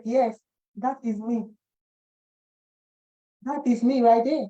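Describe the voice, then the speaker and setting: A woman giving a devotional Bible teaching, animated, repeating phrases and acting out quoted voices. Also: on the high side, takes it slowly. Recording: dull lo-fi recording.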